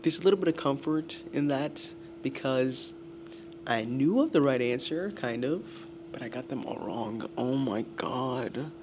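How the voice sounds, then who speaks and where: A man's voice: medium pitch, lively intonation, a little slow, background noise. A young man talking casually in his vlog about school, exasperated and self-deprecating. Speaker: student vlogger.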